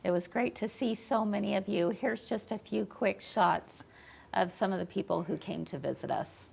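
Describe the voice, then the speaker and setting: A woman hosting a casual quilt-shop chat show, telling stories in a chatty, animated way. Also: medium pitch, normal speed, vocal fry, slightly rough.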